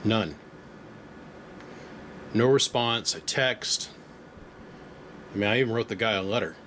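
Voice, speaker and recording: A man's voice: fairly low pitch, unhurried, fairly bright tone, a little hiss or hum. A man who runs a repair shop, telling a story in a casual, folksy way with slang in his workshop. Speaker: amplifier repair shop owner. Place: workshop with shelving units.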